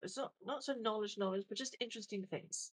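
A woman's voice: mid-range voice, fairly quick. A woman co-hosting a podcast in casual chat, rambling and self-deprecating, full of fillers and restarts. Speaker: podcast co-host.

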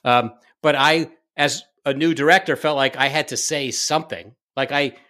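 A man telling stories from his directing days in a casual interview, lively, full of fillers and restarts. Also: medium pitch, normal speed. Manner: animated anecdote-telling, acts out quoted lines; frequent fillers and self-restarts.

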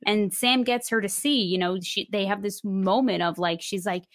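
A woman's voice: mid-range voice, normal speed, no room sound, clean studio sound. A woman co-hosting a podcast, retelling episode scenes in casual chat and acting out the characters' lines as she goes. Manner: animated retelling, acting out quotes. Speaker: podcast co-host.

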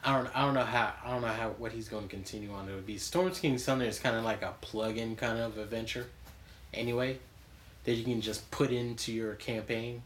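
A man in his own relaxed podcast voice, talking loosely and piling up fillers as he rambles through a story. His pitch sits in the middle of the male range. A faint hiss of background noise hangs under the recording. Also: fairly quick. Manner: rambling, filler-heavy, laughs often. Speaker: podcast host. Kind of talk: casual chat.

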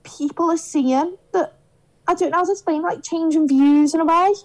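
Chatty high-voiced Scouse woman. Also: normal speed, low-quality recording. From Liverpool, England. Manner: chatty, animated storytelling, acts out quoted dialogue. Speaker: guest. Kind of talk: casual podcast chat.

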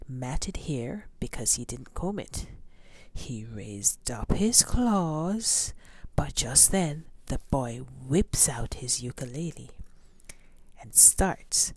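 A woman storyteller reading a storybook aloud to children, expressive, with sound effects and questions for her listeners. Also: extremely low pitch, slow, slightly rough, no echo.

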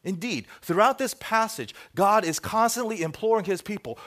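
Middle-aged male pastor, lively sermon delivery, mid-high voice with wide pitch swings, quiet asides. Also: normal speed, few pauses. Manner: animated storytelling, acts out dialogue, drops to soft asides.

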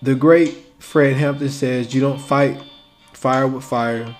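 A man's voice: mid-range voice, fairly even intonation, slow. Casual male podcaster, faint music behind. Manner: casual, conversational, acts out quoted exchanges. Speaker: podcast host. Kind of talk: solo podcast commentary.

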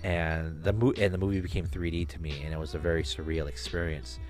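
A man's voice: rumbling low, steady tone, fairly quick, a little mellow, soft background music. A man hosting a podcast, telling a long rambling story in casual talk, with restarts and swearing. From Alaska. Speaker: podcast host.

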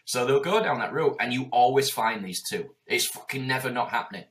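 A middle-aged man with a Yorkshire accent, a business coach in casual podcast chat, animated and swearing as he acts out quoted voices. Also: medium pitch, fairly quick. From Yorkshire, England.

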